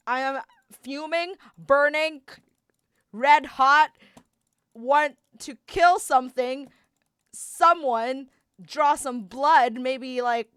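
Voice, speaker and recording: A woman voicing a bitter, enraged young male warrior in an improvised fan performance, speaking in halting, stammering bursts. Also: sits high, fairly bright tone, clear, resonant tone, dry recording, studio quality. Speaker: voice actor.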